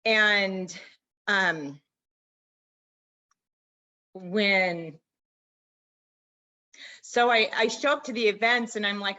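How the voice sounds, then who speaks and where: Halting, emotional woman on a video call. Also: mid-range voice, bright, forceful tone. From Arizona. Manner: halting, many restarts, near tears. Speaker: network marketing distributor sharing a story. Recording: dull lo-fi video call audio.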